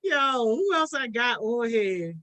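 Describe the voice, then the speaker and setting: Bright-voiced casual livestream host. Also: mid-range voice, takes it slowly. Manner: slangy, tacks "yo" onto nearly every phrase; animated, greets viewers one by one by name. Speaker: host of a youth program's online session. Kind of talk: casual livestream chat with participants.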